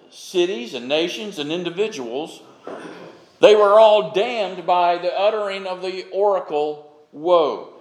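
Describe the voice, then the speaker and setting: Pastor guy preaching real slow, pauses between every phrase, roomy echo. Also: a little high. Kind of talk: sermon. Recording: echoey room sound.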